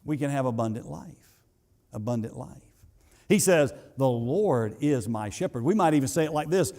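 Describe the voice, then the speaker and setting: A pastor preaching a sermon in a church, building to emphatic peaks and then dropping to soft asides, with some halting repeats. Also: male voice, medium pitch, animated. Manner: halting repetitions. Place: church sanctuary.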